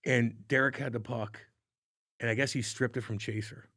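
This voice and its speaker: A man co-hosting a podcast, telling stories in casual chat, swearing a lot and acting out what people said with loud bursts. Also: medium pitch, normal speed, no room sound, studio quality. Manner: animated storyteller, acts out quotes loudly, swears often. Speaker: podcast co-host.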